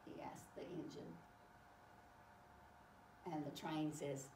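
A woman reading a picture book aloud to children, exclaiming often in an animated way. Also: low-pitched, a little hiss or hum. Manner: animated, exclaiming, slow and warm-paced. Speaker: storyteller. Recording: echoey room, far from mic.

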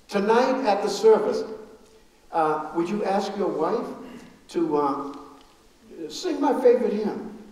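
A man doing a resolute young preacher, urgent and hopeful, pitched high and carried loud. The voice comes from far away in a large echoing hall. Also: lively intonation, slow, pauses often. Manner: urgent, pleading. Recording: echoey hall, mic far off.

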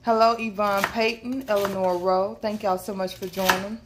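A woman's voice: medium pitch, level tone, normal speed. A woman co-hosting a live cooking stream, greeting viewers by name in a friendly way. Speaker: co-host reading viewer comments. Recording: noisy kitchen with chopping and dishes.

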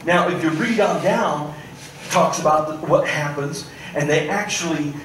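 A male pastor preaching a sermon, swinging between loud, animated stretches and hushed, pointed asides. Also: on the high side, moderate pace, a little hiss or hum. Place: church sanctuary. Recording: echoey church room, mic at a distance.

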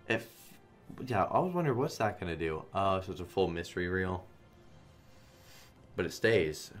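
A man commenting casually on a slot game stream, swearing a lot and swinging between flat muttering and loud outbursts. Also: deep voice.

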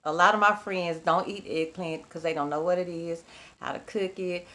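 A woman's voice: lowish voice, fairly even intonation, moderate pace, fairly bright tone. A woman from Texas, talking casually to camera in a folksy, chatty way and laughing easily. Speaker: vlogger.

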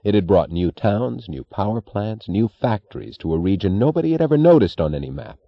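A man with a very low voice narrates a novel in measured, expressive tones, his pitch rising and falling widely. The recording is dry and slightly dull, with a lo-fi edge. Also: creaky, no room sound. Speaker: audiobook narrator.

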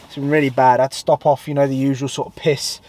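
A man's voice: medium pitch, little pitch movement, fast talker, darkish tone, a little hiss or hum. Male vlogger, casual sweary banter from his car, mid-range voice. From south of England. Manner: rambling, swears constantly, blokey banter. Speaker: bodybuilder vlogger. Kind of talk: casual road-trip vlog. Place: in a car, later a supermarket.

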